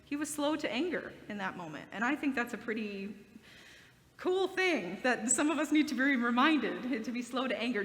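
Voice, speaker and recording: A lively woman with a somewhat high voice leads a children's sermon, quizzing the kids and reading scripture aloud. Her voice carries a long hall reverb from the church space. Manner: animated, asking children questions. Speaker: children's time leader. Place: church sanctuary. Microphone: handheld microphone. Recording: echoey hall.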